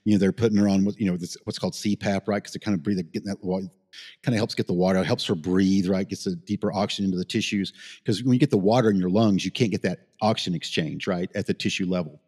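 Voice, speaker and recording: A man's voice: low-pitched, quick pace, darkish tone, husky, long reverb tail. A middle-aged man, a paramedic, telling a rambling story in a casual interview, swearing freely and getting emotional. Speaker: paramedic guest.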